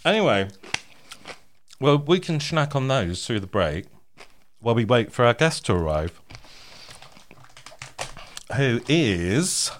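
A man's voice: mid-range voice, very animated, slow, pauses often, slight background noise. A man hosting a podcast in casual chat, chatty and laughing often. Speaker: podcast host.

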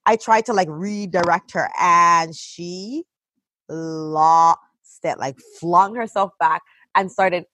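A woman with a husky, slightly breathy voice tells animated stories in casual chat, leaning on "like" at every turn. The sound is dry and close, with no room around her. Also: on the low side, takes it slowly, dry recording. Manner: animated storytelling, heavy use of "like". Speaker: mother of a toddler.

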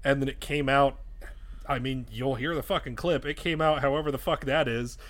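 A man's voice: mid-range voice, steady tone, normal speed, a bit bright. Rambling, swearing podcast guy. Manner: rambling, swears often, self-interrupting restarts. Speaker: podcast co-host and editor. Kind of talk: casual chat. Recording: raw podcast mic.

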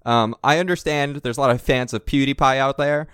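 A man's voice: medium pitch, steady tone, a little fast, fairly bright tone, clear, resonant tone, no room sound, studio quality. A man co-hosting a podcast, chatting casually and wryly reading out listener messages. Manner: wry, joking, reads listener messages aloud. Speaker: podcast co-host.

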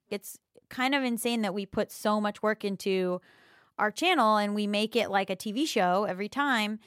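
A woman's voice: mid-range voice, normal speed, clear, resonant tone, no echo, studio quality. A woman in her thirties, a YouTuber, speaking frankly and with animation in a candid interview, with some swearing.

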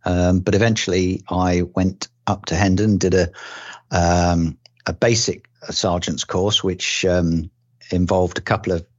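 A man's voice: sits low, flat delivery, unhurried, no room sound. An older man from England, a retired police detective, recalling his career in an interview with many ums, restarts and dry humour. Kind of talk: relaxed oral-history recollection. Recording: dull dry lo-fi recording.

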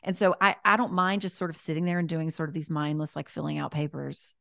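A woman with a fairly low voice chats casually as a podcast guest, filling her talk with "like" and "you know". She is gentle and encouraging and often restarts her sentences. The sound is close and dry, with no room echo. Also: little pitch movement, fast, gravelly. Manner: chatty and self-correcting, full of "like" and "you know". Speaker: podcast guest giving life advice.

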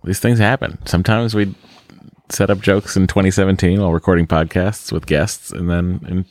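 A man's voice: low-pitched, steady tone, normal speed, darkish tone, no room sound. A man from the Boston area co-hosting a podcast in casual, rambling, self-mocking chat. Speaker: podcast co-host.

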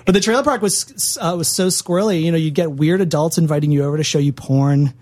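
A man's voice: a little high, fast talker, a little mellow, no room sound. A man from Massachusetts talking as a podcast guest, profane, sardonic and rambling. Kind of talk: casual podcast interview.

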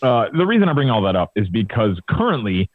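A man from the Chicago area telling a rambling local story in casual chat, with many pauses and fillers. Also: on the low side, big pitch swings, no echo. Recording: tinny phone-like remote line.

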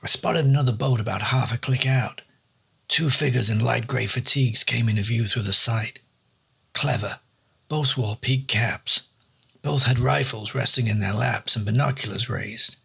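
Gravelly man narrating hard-boiled noir. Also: medium pitch, normal speed, fairly bright tone. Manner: dry, wry first-person detective voice. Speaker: storyteller and host.

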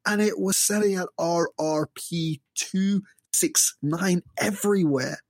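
Husky man arguing a point. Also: high-pitched, takes it slowly, dry recording, clean studio sound. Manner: argumentative, restarts sentences. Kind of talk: casual chat.

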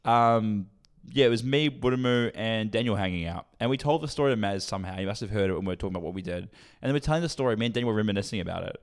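A man's voice: fairly low pitch, very fast, clean tone. A young man, co-hosting a casual podcast, telling a story with lots of laughs, swearing and acted-out quotes. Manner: animated, swearing, laughs a lot, acts out quotes. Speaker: podcast co-host.

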